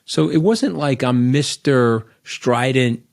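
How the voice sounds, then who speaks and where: A man's voice: medium pitch, slow pace, gravelly. A middle-aged man from Long Island, telling stories bluntly and animatedly as an interview guest, often tagging his lines with "okay?". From Long Island, New York. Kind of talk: candid storytelling interview.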